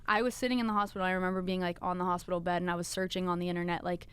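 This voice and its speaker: Chatty young woman with a smooth voice. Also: fairly low pitch, little pitch movement, very fast. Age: 20s. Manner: chatty, full of "like" fillers, acts out quoted voices. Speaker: guest. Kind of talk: casual storytelling in a podcast interview.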